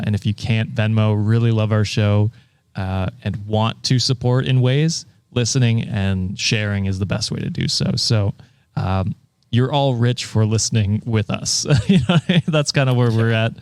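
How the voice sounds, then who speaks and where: A man's voice: fairly low pitch, steady tone, moderate pace, darkish tone, clean tone, no room sound, clean studio sound. A man co-hosting and editing a podcast, chatting casually with frequent fillers and chuckles. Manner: laid-back, chuckling, hesitant fillers. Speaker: podcast co-host and editor.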